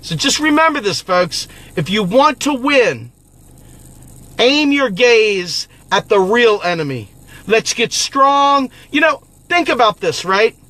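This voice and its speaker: A man's voice: extremely high pitch, very animated, slow pace, bright, forceful tone. A man hosting an impassioned political monologue who talks in a profane, fiery, exhorting way. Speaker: political activist host.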